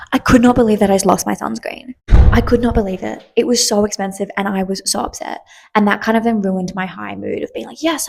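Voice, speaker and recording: A woman's voice: medium pitch, creaky, a little mellow. A young woman hosting a podcast, telling travel stories in a chatty way with lots of fillers and acting out the people in them. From Australia. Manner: chatty, filler-heavy, acts out quoted exchanges. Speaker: podcast host. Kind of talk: casual storytelling.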